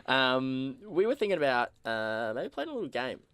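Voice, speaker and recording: An Australian man co-hosts a radio show from the studio. He talks in a loose, jokey way, stumbling and restarting as he goes, at a middle pitch. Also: very animated, normal speed, fairly bright tone, smooth. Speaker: radio co-host. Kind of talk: casual radio chat.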